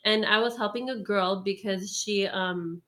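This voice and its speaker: A woman's voice: mid-range voice, fairly even intonation, a little slow, pushed and bright. A woman telling a story in casual chat, rambling with lots of fillers and laughs. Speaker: storyteller guest.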